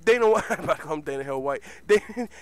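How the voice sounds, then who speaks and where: A man's voice: a little high, racing, smooth, no echo. A man hosting an online show, telling a comic made-up fight story full of swearing and laughter. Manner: profane, laughing, animated. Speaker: host.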